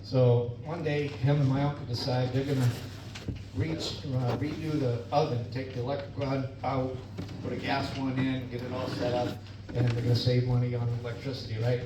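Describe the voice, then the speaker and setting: A man's voice: medium pitch, flat delivery, moderate pace. A middle-aged man performing a stand-up comedy set on stage, telling folksy stories and laughing at his own jokes. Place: club or bar stage. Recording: echoey room, distant mic, dull, noisy.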